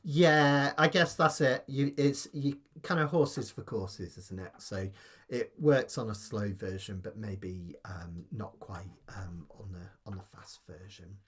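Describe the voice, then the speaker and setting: A man's voice: lowish voice, steady tone, slow, husky. A man teaching ukulele on a live stream, chatting casually, thanking viewers and reading out their comments with lots of ums and uhs. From United Kingdom. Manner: chatty, reads viewer comments, many fillers. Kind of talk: live-streamed lesson chat.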